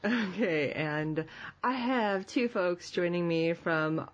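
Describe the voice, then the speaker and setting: A woman's voice: on the low side, slow, lo-fi sound. A woman hosting a casual group podcast, upbeat and laughing often as she introduces her guests. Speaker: podcast host.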